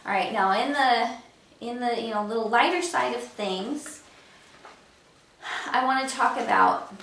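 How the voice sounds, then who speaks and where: A woman's voice: fairly high pitch, unhurried, creaky, fairly bright tone. A woman fitness coach giving a motivational talk, firing off rhetorical questions with a chatty, filler-laden delivery. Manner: chatty with many "you know" fillers. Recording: roomy echo, mic at a distance.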